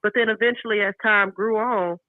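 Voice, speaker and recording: A woman's voice: mid-range voice, steady tone, fairly quick, no echo. A mother calling into a radio talk show, speaking bluntly and candidly about raising her children. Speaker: caller. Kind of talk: casual call-in chat. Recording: tinny phone line.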